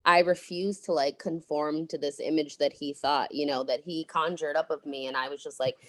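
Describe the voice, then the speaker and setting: A woman's voice: deep voice, fairly even intonation, moderate pace, no room sound. A woman in her thirties, a podcast guest telling her story bluntly and candidly, swearing freely.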